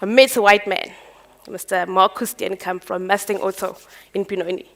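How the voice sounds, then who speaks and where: A South African woman telling her life story on stage, animated and acting out the dialogue. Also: mid-range voice. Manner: animated, acts out dialogue with quick voice jumps. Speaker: entrepreneur speaker. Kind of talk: personal storytelling talk.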